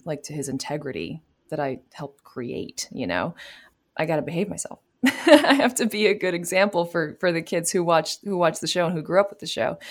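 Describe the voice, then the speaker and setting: A woman in her thirties from New York City, a voice actor answering interview questions in a chatty way, laughing easily. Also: sits low. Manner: warm, chatty, laughs easily, many fillers. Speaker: voice actor guest.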